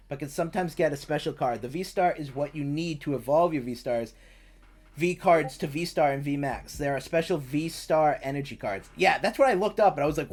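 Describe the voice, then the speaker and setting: A livestreamer chatting casually with viewers from a home setup, animated and freely swearing when ranting. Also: mid-range voice. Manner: soft cooing baby talk to the cat. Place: home streaming room.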